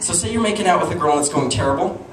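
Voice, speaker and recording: On stage at a comedy club, a young Utah comic delivers his set in a rapid-fire, higher-pitched voice, spinning lively stories and talking with the audience. The distant mic picks up an echoey, noisy room full of laughter and ambient sound.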